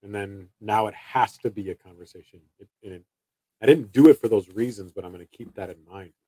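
A man's voice: fairly low pitch, brisk, mellow, slightly rough, no room sound, poor audio. A man in his thirties, a salesman, chatting casually and rambling through stories with many restarts. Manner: rambling, restarts sentences, acts out quotes. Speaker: door-to-door salesman. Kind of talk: casual chat.

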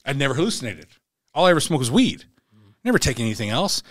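A man's voice: medium pitch, very animated, a little fast, a bit bright, no echo, studio quality. A man, a podcast guest, telling a vivid, profane story and acting out the voices in it. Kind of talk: animated storytelling.

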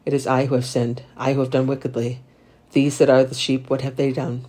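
Man reciting the Divine Office, mellow and even. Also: medium pitch, brisk. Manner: steady liturgical recitation, Latin and English. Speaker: prayer leader.

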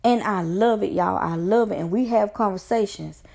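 A woman's voice: medium pitch, normal speed, gravelly, a little mellow. A woman life coach giving an earnest, preacher-like pep talk on faith, repeating phrases for emphasis. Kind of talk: motivational faith talk to camera.

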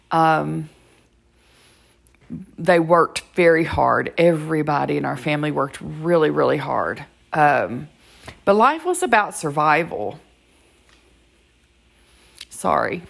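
A woman hosting a devotional podcast, speaking earnestly and personally with pauses and fillers, her voice a bit crackly today. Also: fairly low pitch, gravelly. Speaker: podcast host.

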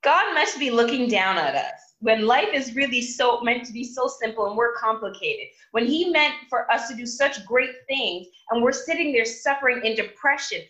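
A woman's voice: on the high side, bright, forceful tone, dull audio. A woman hosting a live motivational stream who speaks emphatically and repeats words for force. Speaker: host of a live motivational show.

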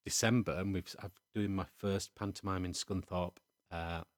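Brief: man, lowish voice, animated storyteller, dry close sound. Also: moderate pace, dry recording. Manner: animated storyteller, laughs often. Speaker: pantomime dame performer, guest. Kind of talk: casual chat, storytelling.

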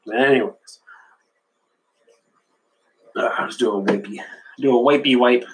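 Male solo podcaster, husky, congested, loose and profane, chuckles at his own tangents. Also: mid-range voice, fast, low-quality recording. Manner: rambling, profane, laughs at himself. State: stuffy runny nose. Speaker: podcast host.

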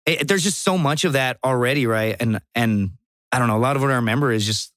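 A man in his thirties from Texas spins loose, profane stories on a podcast and acts out the voices of the people in them. His voice sits at an ordinary pitch and sounds dry and close, with no room around it. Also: fast talker, no echo. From Laredo, Texas. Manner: profane, animated storyteller who acts out quotes. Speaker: guest, stand-up comedian and former Marine. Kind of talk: casual podcast storytelling.

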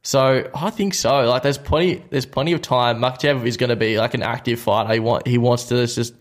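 A young Australian man co-hosting a casual sports podcast, with a voice of middling pitch. He explains fights in a relaxed, chatty way, dropping in easy laughs. His delivery stays informal and unhurried. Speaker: podcast co-host.

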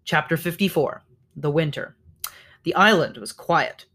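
A man's voice: fairly high pitch, lively intonation, unhurried, sharp tone, husky. A man reading a children's novel aloud as narrator, wry in his framing and correcting his own small slips. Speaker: audiobook reader. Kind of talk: storybook read-aloud narration.

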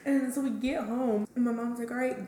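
A woman's voice: a little high, fairly even intonation, brisk. A young woman co-hosting a podcast, telling childhood stories in a giggly, slangy way. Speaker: podcast co-host. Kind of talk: casual chat. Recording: echoey room with faint background noise.

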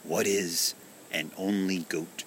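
A gentle magical rooster asks his riddles in a low, unhurried hush, voiced by a man reading a storybook. His tone is bright and clear in spite of the depth. He sounds kindly and mysterious, a little secretive. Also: steady tone, a little hiss or hum. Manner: soft, hushed and questioning.

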